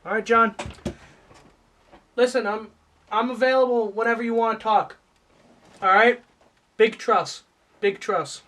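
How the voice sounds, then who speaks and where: A man doing a comedic rant, swearing and shifting from mumbled asides to mock-angry yelling. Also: high-pitched, fairly even intonation, measured pace, long pauses.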